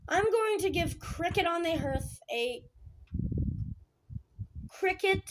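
A young woman rants about a film with dramatic, sarcastic exasperation. Her voice sits high. She drags her words out slowly. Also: expressive, noisy background. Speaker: film reviewer. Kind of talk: casual film review chat.

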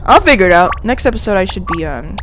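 A young woman hosts a let's play over a noisy background, speaking quickly at medium pitch with lots of animation. She chats casually to herself while playing and gets startled easily.

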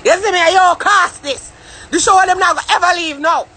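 A young Jamaican man vlogging in patois, ranting loudly and cursing about the year, turning often to the listener. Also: very high voice, brisk, slight background noise. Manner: loud, swearing, animated rant with frequent asides to the listener.

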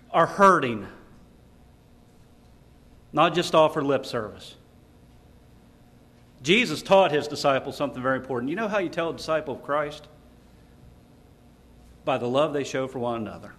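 A man delivers a sermon in a slightly high voice. He speaks emphatically, quoting scripture and turning to the congregation with rhetorical questions. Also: a bit bright. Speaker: preacher. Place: lecture hall.

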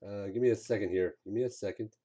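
A man's voice: on the low side, fairly even intonation, quick pace, dark tone. A man streaming a game, commenting live with frustrated outbursts and swearing.

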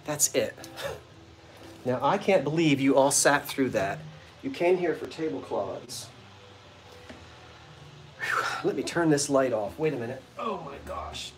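A man's voice: mid-range voice, animated, measured pace, long pauses, noisy background. Chatty man hosting a playful live sale. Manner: chatty and playful, joking with viewers. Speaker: vintage shop owner hosting a live sale stream. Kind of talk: casual live-stream chat. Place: front porch of an old bungalow at sunset.

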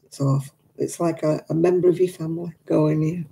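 A woman's voice: sits low, steady tone, a little fast, gravelly, warm tone, rough recording. A woman hosting a craft livestream, chatting casually and answering viewer comments, emotional as she talks about her late dog. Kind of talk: casual chat with live viewers.

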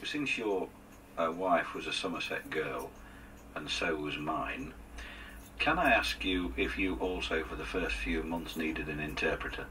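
A man's voice: a bass voice, unhurried, sharp tone, far from the mic, slight background noise, poor audio. A male radio interviewer asking teasing, lighthearted questions.

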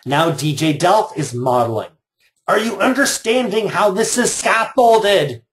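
A man's voice: sits high, lively intonation, a little slow, fairly bright tone. Joking, chatty man leading a workshop. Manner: chatty, joking, sarcastic asides. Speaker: teacher trainer. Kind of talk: live online teacher workshop.

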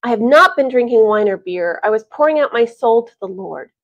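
A grieving young woman pours out a slow, earnest plea, her voice sitting a touch high, as a woman storyteller puts her on. The recording sounds dull and lo-fi. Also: expressive.

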